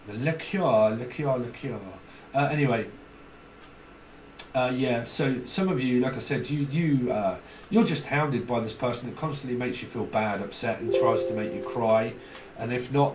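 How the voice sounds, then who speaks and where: A man giving a rambling, repetitive solo tarot reading, with digressions and joking asides. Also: medium pitch. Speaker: tarot reader. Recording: roomy, distant mic, faint hiss.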